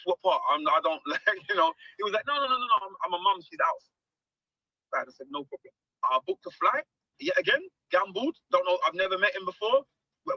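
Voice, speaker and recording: A man's voice: on the high side, no room sound, lo-fi sound. A man, a guest musician telling stories in an interview and acting out the dialogue. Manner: animated, acts out quoted dialogue. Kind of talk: storytelling interview.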